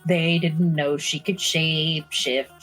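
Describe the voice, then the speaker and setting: A woman playing a tabletop game, animated and playful. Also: sits low, takes it slowly, faint music behind, rough recording. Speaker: player.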